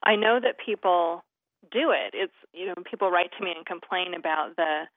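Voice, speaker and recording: A woman with a lowish voice speaks at a moderate pace in a dry recording. She's a grammar expert appearing as a guest on a call-in radio show, chatting about usage with lots of "you know" fillers and easy laughter. She's on a phone, so the sound comes through a narrow phone line.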